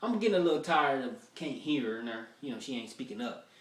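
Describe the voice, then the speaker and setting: A male stand-up comedian rambles through a rough-draft story, casual and profane, in a sing-song, medium-pitched voice at a quick pace. A distant mic picks him up in a roomy space.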